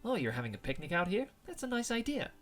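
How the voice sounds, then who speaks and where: A man's voice: high voice, big pitch swings, quick pace, a bit bright, a little hiss or hum, pitched above the performer's own voice. A man voicing a confident, playful young woman professor who teases the player in a game. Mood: friendly.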